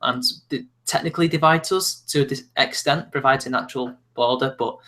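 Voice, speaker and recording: Young manc guy chatting on a call, laughs a lot, goes off on tangents, mid-pitched. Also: fairly quick, a bit bright. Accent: Mancunian. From South Manchester, England. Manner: chatty, laughs often, digresses. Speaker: channel host. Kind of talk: casual chat.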